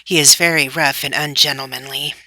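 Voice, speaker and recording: A woman's voice: very deep voice, steady tone, fairly quick, bright, forceful tone, dry recording, full character voice. A woman reading aloud, voicing a mother who gives firm, caring instructions.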